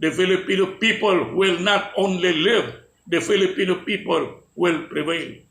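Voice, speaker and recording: A man delivering an impassioned political speech in a slow, oratorical manner, stressing each declaration. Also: sits high, creaky, a bit bright, reverberant, poor audio. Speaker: political speaker.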